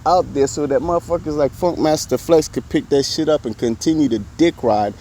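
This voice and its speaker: Casual commentator, male, mocking rant, slightly higher voice, faint outdoor noise behind. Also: fairly quick. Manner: profane, animated, mocking.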